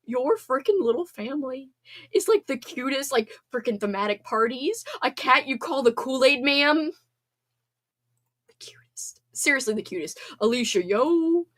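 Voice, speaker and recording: Bubbly chatty woman, slightly high voice. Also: big pitch swings, normal speed, a bit bright. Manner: bubbly, chatty, lots of "like" and "frickin'". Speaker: livestream host reading chat. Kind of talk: casual chat.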